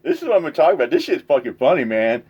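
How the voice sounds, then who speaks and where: A man's voice: fairly high pitch, wildly swooping pitch, quick pace, darkish tone, breathy edge, dull audio. A man reacting to a clip, chatting crudely and laughing at the people in it. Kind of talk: casual reaction commentary.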